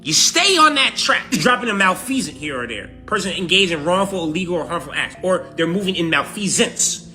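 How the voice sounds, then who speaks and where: A man's voice: high voice, fairly quick, few pauses, faint music behind. A man with a New York accent giving a brash, profane mock vocabulary lesson. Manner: brash, profane, animated delivery. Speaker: comedic vocabulary teacher.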